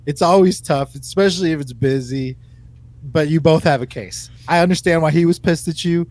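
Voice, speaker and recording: A young man co-hosting a podcast in casual chat, laughing along and giving measured takes. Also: on the high side, darkish tone, no room sound. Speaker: podcast co-host.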